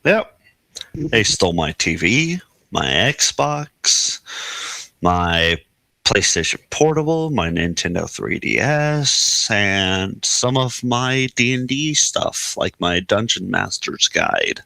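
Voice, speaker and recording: Male game master, deep and unhurried, halting casual chatter. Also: animated, vocal fry, pushed and bright, no room sound. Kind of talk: casual chat between game sessions.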